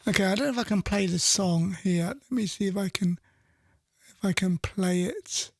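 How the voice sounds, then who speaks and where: Radio dj guy rambling between tracks, gravelly voice, dry studio mic. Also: high-pitched, moderate pace, no room sound. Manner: chatty, self-correcting, thinks aloud. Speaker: radio DJ host. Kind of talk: casual radio presenting.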